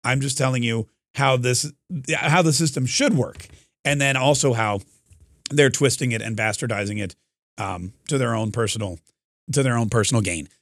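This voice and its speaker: A man's voice: mid-range voice, moderate pace, a bit bright, no echo, clean studio sound. A man hosting a podcast, talking in a brash, rambling, mocking way about politics and a giveaway. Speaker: podcast host. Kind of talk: political talk and giveaway segment.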